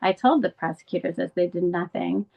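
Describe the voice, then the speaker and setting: A woman's voice: fairly quick, vocal fry, dull audio. A middle-aged woman speaking candidly as an interview guest, telling a painful family story in an earnest, emotional way. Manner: earnest, candid, rising pitch when emotional. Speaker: guest, bereaved mother and advocate.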